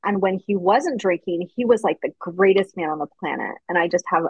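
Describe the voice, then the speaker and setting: Husky-voiced woman telling her story earnestly. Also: mid-range voice, big pitch swings, fairly quick, no echo, low-quality recording. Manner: earnest, reflective storytelling, acts out quoted voices. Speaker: guest author. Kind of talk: candid interview conversation.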